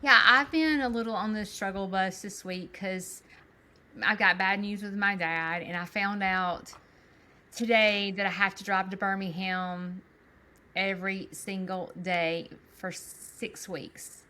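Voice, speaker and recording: A woman in her thirties co-hosting a casual podcast over a video call. Her voice is bright and forward, and she talks in animated, rambling bursts, laughing as she goes. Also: mid-range voice, measured pace, a little hiss or hum. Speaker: podcast co-host. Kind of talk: casual chat.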